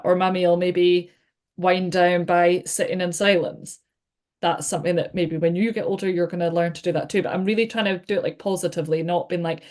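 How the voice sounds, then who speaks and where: A Scottish woman in her thirties talks as a podcast guest in a relaxed, chatty way. She peppers her speech with likes and you-knows. Her voice sits a little low for a woman. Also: a little fast. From Scotland. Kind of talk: casual chat.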